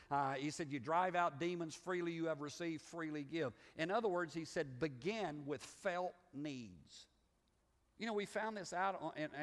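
This sermon comes from a middle-aged pastor from the Southern United States with a Southern US accent, whose folksy, conversational delivery keeps looping back and restarting lines. His slightly bright voice sits on the high side for a man, and a long sanctuary reverb tail follows it.

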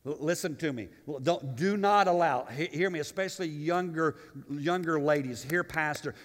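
A pastor preaching in a fairly high voice that climbs and booms at the big moments, then drops to quiet asides. He stumbles and repeats words as he goes. The sound carries a long hall reverb. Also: moderate pace, few pauses. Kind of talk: sermon.

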